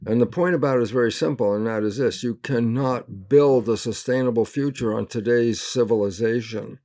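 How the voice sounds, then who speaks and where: In an animated interview, an older biologist speaks at normal speed in a mid-range, dark-toned voice. He is earnest and emphatic, acting out brief quoted exchanges along the way.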